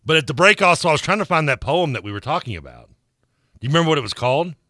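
A man co-hosting sports radio in loose, casual banter, rambling and restarting his thoughts as he talks. His voice sits a bit low but swings widely in pitch and has a bright edge. It is close-miked and dry in a studio. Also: animated, racing, no echo. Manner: rambling, self-interrupting, laughs easily.

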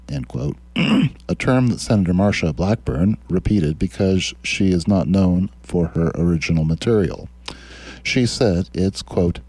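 Man on a radio talk show, sarcastic, mocking, reads quotes out, low dark husky voice. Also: lively intonation, a little slow, no room sound. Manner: sardonic, mocking. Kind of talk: sarcastic political commentary, reading quotes aloud. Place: radio studio.

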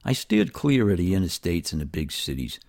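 A man's voice: deep voice, very animated, fairly quick, gravelly, darkish tone. An older man with a New York accent telling his life story in a folksy, conversational way, talking straight to the listener. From New York City. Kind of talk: storytelling narration.

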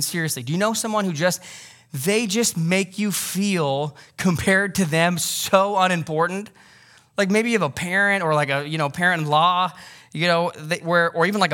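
A man's voice: sits high, moderate pace, pushed and bright. A male pastor preaching a sermon in a loose, conversational way, joking with the congregation and pressing his points with emphasis.

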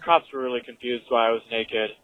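A man leaves a string of voicemails in a flat, deadpan delivery, full of crude jokes. His voice sits at an ordinary pitch. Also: fairly quick, no echo, phone-quality sound. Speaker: caller leaving voicemails.

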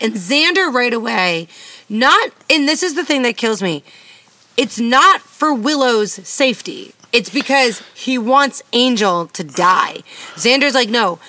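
A woman's voice: fairly high pitch, bright, forceful tone. A woman co-hosting a podcast, chatting casually as she recaps a TV episode, quoting characters and swearing now and then. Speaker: podcast co-host.

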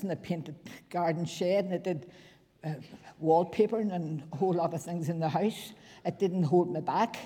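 Northern irish lady, low mellow voice, church testimony, hall echo. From Northern Ireland. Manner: earnest storytelling with plain everyday phrasing. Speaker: church member giving testimony. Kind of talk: personal testimony. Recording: reverberant church hall recording.

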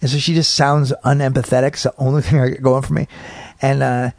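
With vocal fry and a fast delivery at medium pitch, a middle-aged comedian guest chats casually through a long, profanity-laden story, acting out bits with lots of energy. The podcast mic in his home studio man cave gives studio quality with no room sound.

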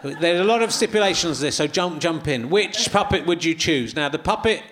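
An English man hosting a live comedy podcast on stage, asking teasing questions in a deadpan way. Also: on the high side, brisk. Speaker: podcast host. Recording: live theatre audience laughing behind.

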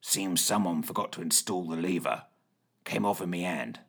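A narrator voicing a gruff, weary male crewman with a low growling mutter. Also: moderate pace, fairly bright tone, exaggerated voice.

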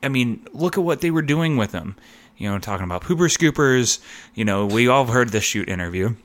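A man's voice: medium pitch, a little fast. A man hosting a podcast, chatting casually and retelling stories with lots of fillers. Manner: animated storytelling, fillers. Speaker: podcast host. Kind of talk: casual chat.

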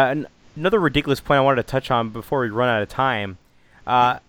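A young man with a smooth, clear voice chats loosely about politics, trailing into restarts and sarcastic asides. He laughs often, and the sound is dry and close, with no room around it. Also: medium pitch, no room sound. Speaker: podcast co-host. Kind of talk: casual political chat.

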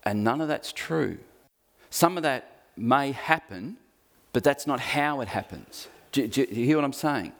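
A man preaching a sermon, earnest and emphatic, repeating key phrases and slowing down to read scripture. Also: medium pitch. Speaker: pastor.

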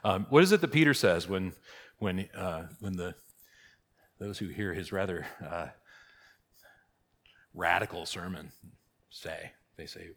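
Low-voiced pastor in a reverberant church. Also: male voice, unhurried, long pauses, a bit bright. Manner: conversational, frequent "okay?" and "right?" check-ins. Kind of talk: catechesis teaching. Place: church hall. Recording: long reverb of a large hall.

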